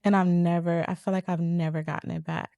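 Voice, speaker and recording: A woman's voice: fairly low pitch, flat delivery, a little fast, vocal fry, dark tone, dry recording. A woman guest sharing personal struggles earnestly, speaking words of faith and hope, close to tears.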